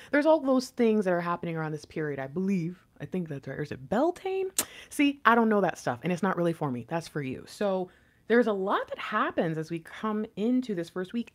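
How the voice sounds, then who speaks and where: Giggly, rambling woman tarot reader with a lively, swooping voice. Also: on the low side. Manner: chatty and rambling, giggly, swears casually. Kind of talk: casual intuitive reading to camera.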